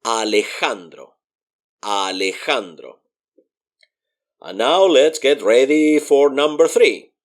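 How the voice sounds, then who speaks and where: A man's voice: a little high, lively intonation, measured pace, hardly any pauses, a little mellow. A man teaching a beginner Spanish lesson, spelling words out letter by letter and patiently explaining pronunciation with repeated examples.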